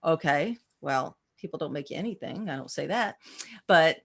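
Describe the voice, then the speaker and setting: A woman practitioner and teacher in a casual interview, telling animated stories and acting out quoted voices with many restarts. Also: deep voice, moderate pace, creaky, husky.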